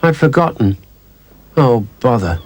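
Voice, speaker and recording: A man's voice: medium pitch, big pitch swings, unhurried, pitched above the performer's own voice. A man voicing a bossy little girl who loves secrets.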